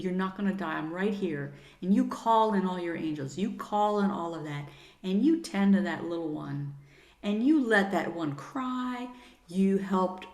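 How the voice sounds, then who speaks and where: Middle-aged woman, lowish voice, earnest and soothing, kinda echoey room. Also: darkish tone. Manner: earnest, soothing, talks to the inner child with pet names. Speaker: podcast guest, sound healer. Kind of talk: casual interview chat. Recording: roomy echo.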